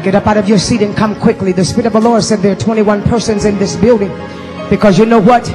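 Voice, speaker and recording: A woman preaching a live sermon to a congregation in a church building, moving from low, steady talk to shouted, sing-song exhortation. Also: fast talker, long reverb tail, music in the background. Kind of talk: live sermon with donation appeals.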